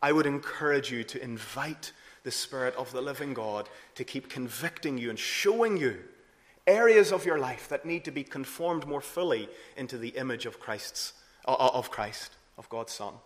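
A man preaching a sermon earnestly, rising to emphatic peaks and then dropping low and soft. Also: expressive, normal speed. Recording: long hall reverb.

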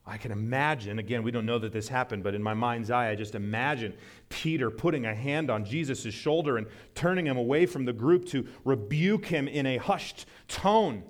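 A man delivering a sermon from a pastor's pulpit, in a mid-range voice for a man. He speaks earnestly and pushes his pitch upward whenever he stresses a point. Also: a little fast. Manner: earnest, rises in pitch for emphasis and acted quotes.

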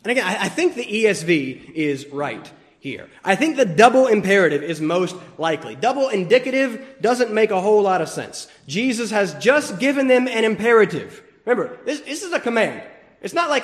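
A man preaching a sermon, swinging between loud emphasis and hushed asides, teasing the congregation now and then. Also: high voice, big pitch swings, fairly quick. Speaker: pastor.

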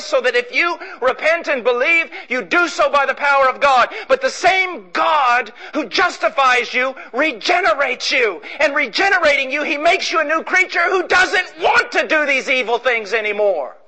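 A preacher from Illinois delivering an impassioned sermon. He swings between shouted declarations and low, intense passages. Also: lively intonation, moderate pace, few pauses, poor audio. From Illinois, USA. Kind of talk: fiery sermon.

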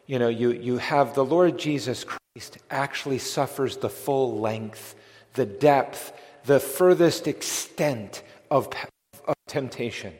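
Earnest preacher in a reverberant hall. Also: male voice, mid-range voice, a little mellow. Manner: earnest, emphatic, with repeated restarts and rising intensity. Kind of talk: sermon. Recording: long reverb of a large hall.

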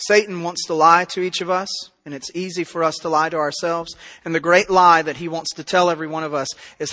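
High bright-voiced guy preaching, fired up then hushed, big echoey church hall. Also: steady tone, brisk, few pauses. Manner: impassioned, swings between loud emphasis and quiet intensity. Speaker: pastor. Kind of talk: sermon. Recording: reverberant hall.

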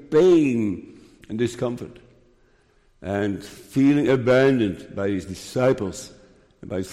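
A man preaching a sermon, slow and emphatic, repeating key phrases. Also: medium pitch, warm tone. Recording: long hall reverb.

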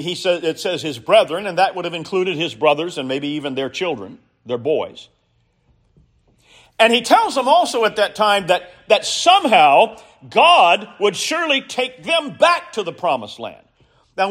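A man preaching a sermon, speaking earnestly and telling stories in a measured way with emphatic rises. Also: high voice, fairly bright tone.

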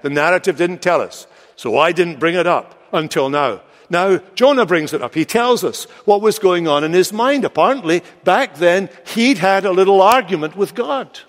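A male pastor preaching a sermon with expressive delivery, slowing down and lifting his voice for quoted lines. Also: on the high side. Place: large church sanctuary. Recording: long church reverb.

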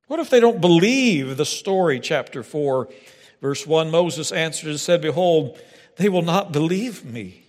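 A man preaching a sermon, reading scripture dramatically and breaking into lively asides. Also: a little high, measured pace, breathy edge, in a large hall.

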